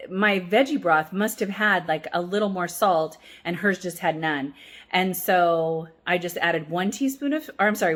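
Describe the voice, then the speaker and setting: A woman's voice: fairly low pitch, a bit bright. A woman hosting a cooking vlog, talking in a chatty, rambling and upbeat way. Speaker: cooking vlogger.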